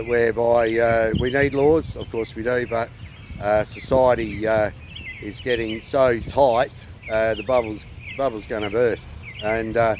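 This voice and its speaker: An Australian man in his fifties hosting his channel in casual, halting talk full of fillers, recorded outdoors. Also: mid-range voice, slight background noise. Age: 50s. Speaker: channel host.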